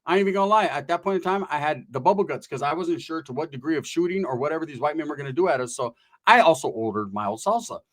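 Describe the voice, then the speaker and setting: A man's voice: on the high side, lively intonation, fast. A man from Central California telling a comedic story in rambling, profane street slang.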